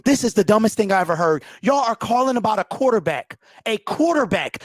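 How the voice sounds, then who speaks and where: A man's voice: extremely high pitch, very animated, a little fast, few pauses, no echo, studio quality. A man hosting a postgame fan call-in show, ranting in a heated, exasperated way and repeating himself.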